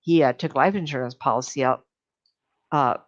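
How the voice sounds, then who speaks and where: A woman's voice: extremely low pitch, moderate pace. An older woman, a medium, telling chatty, meandering stories to a live audience, laughing and acting out what people said. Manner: chatty, meandering storytelling with laughs and acted-out quotes. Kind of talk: storytelling talk to a live audience. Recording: dull lo-fi recording.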